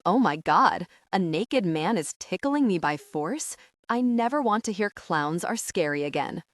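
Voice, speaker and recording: A flustered young woman, nervous and quick with a joke, as the narrator voices her. The voice is lowish for a woman yet swings through a wide pitch range, and it sounds close and dry. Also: expressive, no echo.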